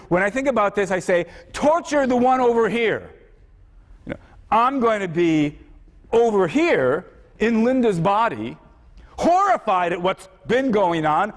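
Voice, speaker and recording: A man giving a university lecture in a conversational way, now and then acting out examples in other voices. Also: high-pitched. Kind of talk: classroom lecture. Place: large lecture hall. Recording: reverberant lecture hall.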